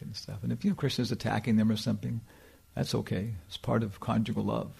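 Gravelly, husky spiritual teacher, rambling. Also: male voice, medium pitch, fast, a little mellow. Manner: rambling, full of "you know" and chuckles. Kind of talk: informal scripture talk with Q&A.

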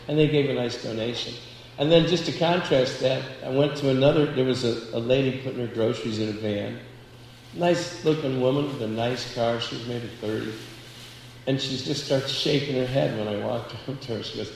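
A man telling lively, self-deprecating stories and laughing as he goes. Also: mid-range voice, normal speed, gravelly, a little hiss or hum. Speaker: book distributor sharing a realization. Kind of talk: casual storytelling. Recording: echoey room with hall reverb and faint ambience.

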